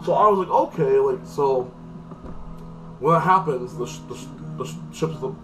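A man rambles through a casual recap of a TV episode, stacking fillers and restarting his sentences. His voice sits back from the microphone. Loud music plays under him the whole time. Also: a little high, expressive, normal speed. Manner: rambling, filler-heavy, lots of "like". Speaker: TV episode reviewer. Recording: distant mic with loud music.

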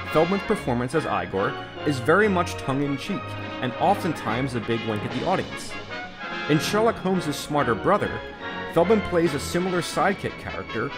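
A man's voice: a little high, big pitch swings, normal speed. A man narrating a scripted video essay in an earnest, opinionated way. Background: background music.

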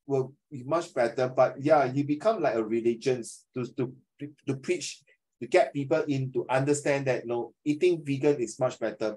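A man's voice: mid-range voice, darkish tone, low-quality recording. A middle-aged male teacher, chatting animatedly with his class over a video call and slipping into Mandarin phrases. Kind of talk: online class discussion.

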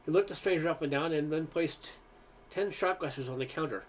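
A man's voice: a little high, brisk. A man reading a first-person story aloud in a conversational way, with occasional stumbles. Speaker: narrator.

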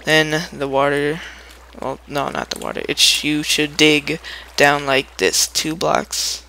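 Young gamer, bright gravelly voice. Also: male voice, on the high side, level tone, takes it slowly, rough recording. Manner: rambling, playful, humming sound effects while building. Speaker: gameplay tutorial maker. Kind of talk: casual gameplay tutorial commentary.

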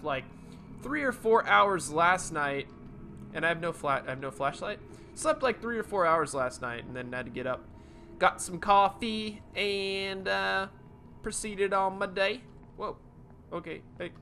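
A man with a bright, slightly high voice gives casual gameplay commentary from home. His pitch swings widely as he reacts. He is jumpy and swears freely. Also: a little hiss or hum. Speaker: let's play host. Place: home room with a cat nearby.

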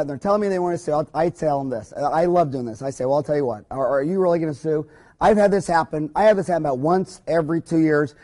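A man's voice: fairly high pitch, dark tone. A man, a dentist, giving an informal recorded lecture to other dentists, talking in an emphatic, folksy, rambling way with many asides.

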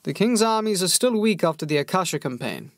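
A calm, calculating nobleman, as an audiobook narrator voices him, slow and deliberate in his words. The voice sits a little higher than the reader's own and softer than the narration, recorded dry and close. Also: no echo. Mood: measured. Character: cool, measured noble male lord.

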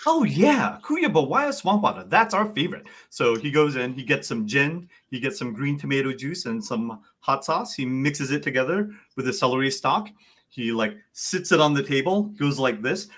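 A man narrating a tabletop game as game master, describing scenes lively. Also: medium pitch, moderate pace. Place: home setup, online session.

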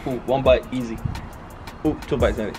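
A young man casually commentating an eating race among friends, calling out times with hyped excitement. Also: mid-range voice, moderate pace. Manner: hyped, excited timing calls. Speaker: timekeeper and commentator. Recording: music playing underneath.

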